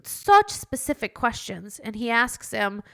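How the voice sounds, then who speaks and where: Woman podcaster, kinda high voice, chatty and emotional, lots of "like". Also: a little slow, creaky. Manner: emotional, tearful at times, animated and chatty with frequent "like". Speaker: podcast host. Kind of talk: personal faith storytelling.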